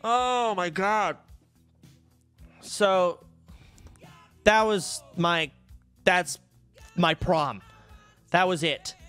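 A young man with a high, bright, forceful and clean voice speaks extremely slowly, pausing often, over soft background music. Streaming from home into a desk mic, he tells old stories to a live audience in a casual, profane, sarcastic way.

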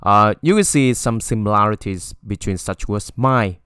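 Guy teaching a lesson, lowish voice, dry sound, says okay a lot and repeats phrases louder. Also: normal speed, clean tone, no echo. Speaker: Chinese language teacher. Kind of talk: explaining a textbook lesson.

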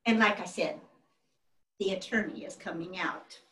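A woman's voice: on the low side, moderate pace, a bit bright, lightly acted. A woman playing a genteel 1800s widow in a live one-woman historical reenactment, telling family stories in a fond, chatty way. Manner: fond, chatty storyteller with exclamations. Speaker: actress portraying a historical first lady. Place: stage before a live audience. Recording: roomy hall from a distant mic.

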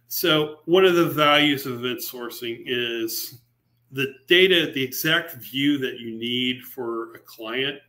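A man talks through code at a virtual meetup in a chatty, unscripted way. His voice has a bright, forward edge, and he is in the middle of explaining, stumbling and restarting as he goes. Now and then a dry, sarcastic remark slips in. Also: medium pitch. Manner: conversational, with frequent fillers and restarts, mildly sarcastic asides. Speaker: featured speaker presenting a software library. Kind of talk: technical presentation on a live stream. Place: remote meetup talk over a video call.

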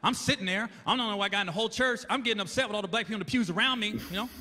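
A man's voice: high voice, very fast, sharp tone. A man doing a stand-up routine, telling a story wryly and chuckling at his own lines. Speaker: stand-up comedian.

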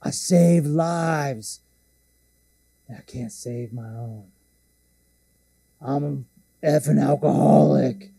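A man voicing a drunk, sobbing middle-aged male doctor who talks in a slow, slurred drawl. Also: a little high, vocal fry, warm tone, breathy edge, dry recording, exaggerated voice.

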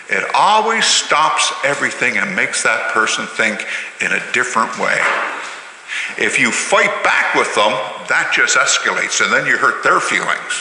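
Lively-voiced pastor in an echoey church. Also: male voice, mid-range voice, measured pace. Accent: Canadian Maritime. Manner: gentle, questioning the congregation. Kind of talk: all-ages church talk. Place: large church sanctuary. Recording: echoey church hall, faint room noise.

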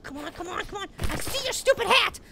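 A man voicing a tiny, excitable male cartoon apple who gives gameplay commentary and gets riled up at his opponent. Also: fast, gravelly, background noise, heavily acted. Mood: excited. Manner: squeaky, easily riled, shouting at opponent. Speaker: let's play gamer.

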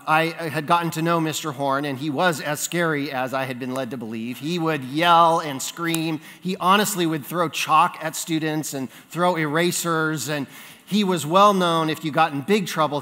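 A man preaching a sermon, telling a childhood story in an animated way and acting out the voices in it. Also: on the high side. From California. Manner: animated storyteller, acts out voices in his anecdotes. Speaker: pastor. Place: church sanctuary. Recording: long reverb of a church sanctuary.

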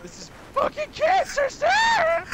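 A young man screaming, swearing and pleading in panic while a friend plays a video game, his voice going hoarse. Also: very high-pitched, wildly swooping pitch, slow pace, heavy background noise. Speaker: gaming friend. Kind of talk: panicked gameplay chat.

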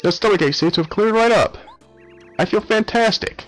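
A man voicing a whale with a bellyache, in a whiny pleading tone higher than his own voice. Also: moderate pace, fairly bright tone, soft background music.

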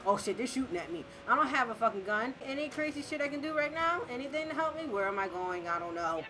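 A young woman, giving loud, excitable gameplay commentary, swearing often, shouting and laughing as she plays. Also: on the high side, noisy background. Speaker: gaming streamer.

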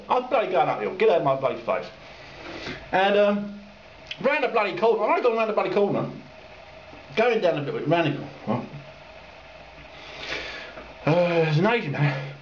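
A man's voice: fairly high pitch, slight background noise. A man ranting angrily about drivers asking him for directions, swearing and mocking them in put-on voices. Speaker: cyclist ranting to camera. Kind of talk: angry rambling rant. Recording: roomy, dull lo-fi sound with faint ambience.

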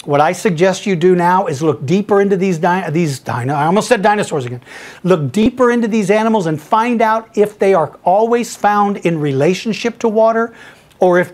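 Enthusiastic middle-aged man chatting. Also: fairly high pitch. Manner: enthusiastic and chatty, laughs easily. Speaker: podcast host answering listener questions. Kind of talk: casual Q&A chat, reading emails aloud.

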